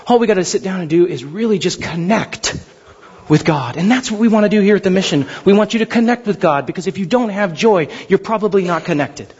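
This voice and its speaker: A man preaching a sermon, animated and storytelling, sometimes acting out characters. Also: sits high, fairly quick, husky. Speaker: pastor. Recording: dull sound in a reverberant hall.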